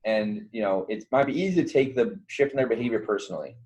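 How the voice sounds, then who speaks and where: A man's voice: fairly low pitch, fast, darkish tone, muffled recording. A young man giving a casual online training to volunteer mentors, loose and conversational, with lots of fillers and restarts. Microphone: computer mic on a virtual call.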